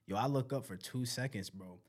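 A man co-hosting a casual podcast, telling con stories in relaxed slang and perking up when he acts out what people said. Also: medium pitch, fairly quick, husky. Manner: laid-back slangy storytelling, animated when acting out quotes. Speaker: podcast co-host.

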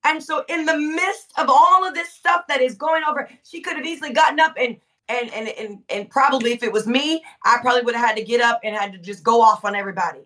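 A woman preaching with fervor, repeating phrases for emphasis and rising to shouts. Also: on the high side, fast talker, distant mic. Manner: fervent, emphatic repetition, swells to shouting. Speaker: guest preacher. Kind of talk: impassioned preaching.

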